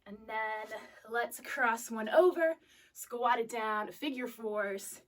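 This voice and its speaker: A woman's voice: on the high side, slow pace. A young woman fitness instructor cueing a live workout class, sniffly and out of breath, in an upbeat coaching manner. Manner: upbeat, coaching cues counted out while moving. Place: fitness studio. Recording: voice distant from the mic.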